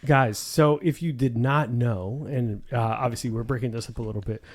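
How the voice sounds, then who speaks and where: A man's voice: mid-range voice, moderate pace, darkish tone. A man hosting a podcast in casual chat, crude and full of swearing and laughter. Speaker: podcast host.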